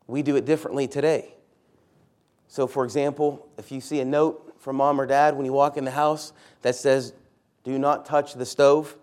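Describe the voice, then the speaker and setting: A man's voice: medium pitch, a little mellow. A man, a pastor, preaching a sermon in a church, stressing key words by repeating them and putting questions to the congregation.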